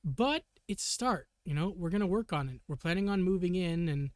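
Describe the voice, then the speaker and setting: A man streaming live in casual, rambling chat, swearing loosely and often clearing a sore throat. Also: high-pitched, lively intonation, fairly quick, no room sound, clean studio sound.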